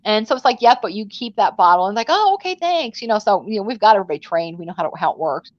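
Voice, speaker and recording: A woman's voice: mid-range voice, racing, dry recording, muffled recording. A woman hosting a casual chat, telling stories in a chatty way and acting out the dialogue. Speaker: host.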